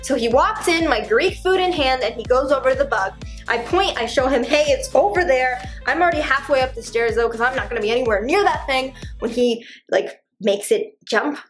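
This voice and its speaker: High-voiced young woman vlogger, animated storyteller who says "like" constantly, faint music underneath. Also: a little fast. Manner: animated, heavy use of "like," dramatic retelling. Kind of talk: storytelling vlog. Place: home. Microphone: on-camera shotgun mic.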